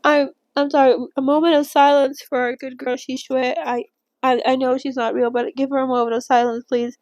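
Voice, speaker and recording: A young woman hosting a channel reads a novel aloud in a casual read-along, her voice high, bright and level in tone. She reads haltingly, stopping for emotional gasps and restarts before returning to the page. The recording is close, dry and muffled, with no room sound.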